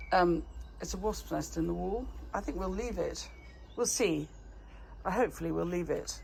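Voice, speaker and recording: An English woman with a slightly gravelly, fry-tinged voice chats her way round her garden outdoors by the back door. She talks in a loose, rambling way, amused at her own asides, as a flower farmer showing off her pots. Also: medium pitch, a little mellow, a little hiss or hum. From England. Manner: chatty, rambling, self-amused. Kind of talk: casual garden tour vlog.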